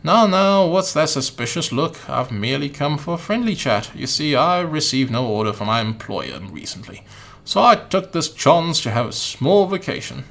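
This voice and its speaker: Name: Umbrella Man. Man doing a genteel, gravelly, sinister gentleman. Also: fairly high pitch, big pitch swings. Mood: genteel menace. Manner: mock-British, genteel, drawn-out theatrical delivery. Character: polite sinister male being, unaging, in a borrowed boy's body. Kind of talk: reading game dialogue aloud.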